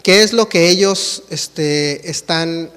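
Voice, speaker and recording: Mexican pastor, man, high voice, chatty sermon delivery in a reverberant church hall. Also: slow, fairly bright tone, clear, resonant tone. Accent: Mexican Spanish. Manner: conversational, addresses the congregation directly with fillers.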